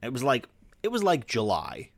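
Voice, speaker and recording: Male podcast host, casual storyteller, animated and filler-heavy, mid-range voice. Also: mid-range voice, normal speed.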